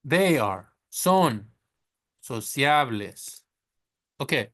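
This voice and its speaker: A man's voice: mid-range voice, fairly bright tone. Chatty man teaching Spanish. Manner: chatty, self-correcting, laughs at his slips; slows down to sound out the Spanish words. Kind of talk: casual screen-share lesson.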